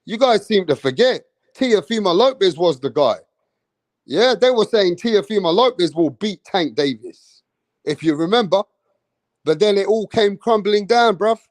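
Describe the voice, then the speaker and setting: A man giving casual boxing commentary, excitable and slangy, repeating himself for emphasis. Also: sits high, normal speed, dry recording.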